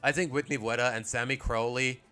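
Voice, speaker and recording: Faint music plays behind this Mexican man as he streams, ranking cartoon episodes in a steady, fairly quick, mid-range voice that sounds bright, forceful and clean. He rambles, interrupts himself mid-sentence and is full of opinions.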